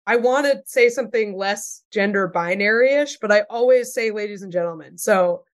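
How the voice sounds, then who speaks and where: A woman's voice: mid-range voice, normal speed. A woman in her thirties hosting a podcast in casual chat, chatty and full of fillers, swearing now and then. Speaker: podcast host and storyteller.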